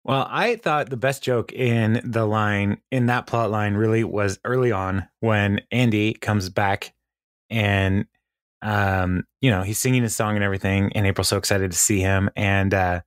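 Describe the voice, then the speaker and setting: A man's voice: lowish voice, steady tone, a little slow, dry recording, studio quality. A man co-hosting a podcast, recapping a TV episode in casual, meandering chat and chuckling often. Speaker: podcast co-host.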